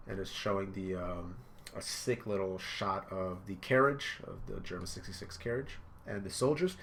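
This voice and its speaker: A man hosting a casual reaction video, describing comic panels with excitement and shouted sound effects. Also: sits low, a little slow, a little hiss or hum. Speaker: manga reaction video host.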